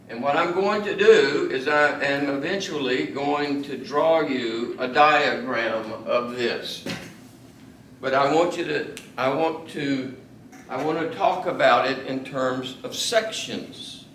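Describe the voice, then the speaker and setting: A man's voice: medium pitch, takes it slowly, a bit bright, roomy sound, distant mic, a little hiss or hum, low-quality recording. A man teaching a Bible study to a small class in a casual, conversational way, often restarting sentences and asking the group questions.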